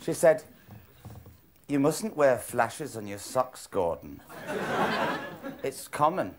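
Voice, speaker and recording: A man's voice: mid-range voice, sing-song, slow, slight background noise. A man doing a dry, understated monologue as an improv performer in a TV studio. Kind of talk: deadpan monologue storytelling. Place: TV studio with live audience.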